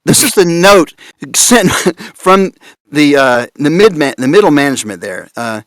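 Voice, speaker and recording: Panelist, male, lively pitch, slightly raised, dry close sound, laughs a lot. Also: unhurried, dry recording. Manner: animated, amused, laughs often. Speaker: panelist on voice acting. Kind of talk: conference panel talk.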